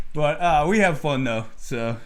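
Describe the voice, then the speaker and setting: A middle-aged man co-hosting a casual baseball chat, telling animated stories and acting out what people said. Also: a little high, a little hiss or hum. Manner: animated storyteller who acts out quotes. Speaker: co-host and youth baseball coach.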